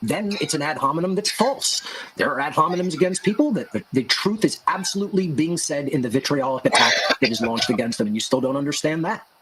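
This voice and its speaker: A man's voice: a little high, animated, fast, heavy background noise. A man delivering an angry, scornful monologue rant as a show host, heaping insults and repeating himself for emphasis. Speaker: occult lecturer and show host.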